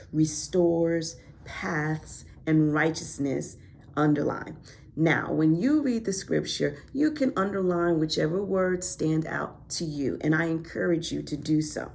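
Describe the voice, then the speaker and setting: A woman's voice: deep voice, creaky, a little hiss or hum. A woman hosting a devotional podcast, teaching from the Bible in a reflective way, lingering on key words and building to emphatic, preacher-like lines. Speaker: podcast host.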